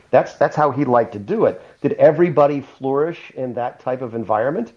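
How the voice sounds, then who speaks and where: A middle-aged man explains at length in a relaxed, mellow voice, stopping to restart his sentences as he works through a point. The audio is dull and a little lo-fi, like a remote call. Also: mid-range voice. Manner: measured, explanatory, with frequent restarts. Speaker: guest, former White House chief of staff. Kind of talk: conversational interview answer.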